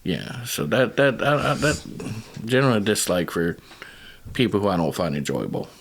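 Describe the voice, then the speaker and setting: A man's voice: fairly low pitch, expressive, normal speed, vocal fry. A man chatting casually on a comedy podcast, rambling and restarting his sentences as he talks. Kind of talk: casual chat.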